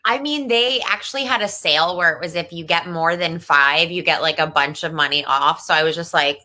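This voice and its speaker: Woman, New Jersey accent, comedian guest, bright tone, upbeat quick stories. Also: low-pitched. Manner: upbeat, swears casually, quick storytelling. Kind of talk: casual comedy podcast chat.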